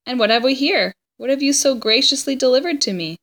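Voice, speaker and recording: A woman reading aloud puts on a huge, bearded wanderer from a storybook, gentle and genial. He talks in slow, formal, courtly phrases, lifted a little above her usual pitch. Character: enormous bearded homeless man, gentle and courtly.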